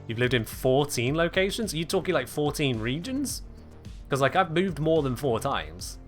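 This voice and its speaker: A man's voice: on the high side, very animated, normal speed, faint music behind. Chatty British man streaming games. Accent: British English. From United Kingdom. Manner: chatty, replies to chat, wry humor. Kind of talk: casual live-stream chat.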